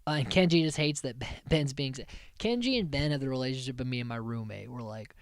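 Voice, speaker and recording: A man's voice: medium pitch, fast, no room sound, studio quality. A man hosting a podcast, recapping episodes in a rambling, chatty way, swearing freely and often restarting his sentences. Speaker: podcast host.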